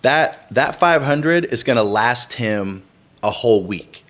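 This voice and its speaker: A man talking as a podcast guest, relaxed and agreeable, often chiming in with "yeah.". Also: medium pitch, takes it slowly. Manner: laid-back, agreeable, lots of "yeah". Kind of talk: casual podcast chat.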